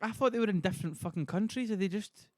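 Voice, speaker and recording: A man's voice: sits high, quick pace, no echo, clean studio sound. A man reading a play on a live stream, swearing and bantering in exasperation with his chat. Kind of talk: casual livestream reading.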